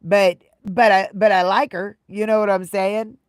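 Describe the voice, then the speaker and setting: A woman's voice: medium pitch, little pitch movement, measured pace, clean tone, no room sound, studio quality. Rambling woman livestreamer telling stories. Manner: rambling, repeats phrases often. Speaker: live streamer chatting with viewers. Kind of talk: casual livestream storytelling.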